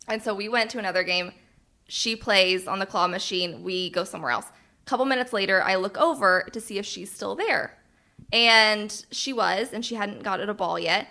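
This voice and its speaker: A woman's voice: medium pitch, normal speed, gravelly, pushed and bright. A young woman co-hosting a podcast, telling a personal story in casual chat. She speaks earnestly and gets emotional, with laughs between phrases. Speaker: podcast co-host.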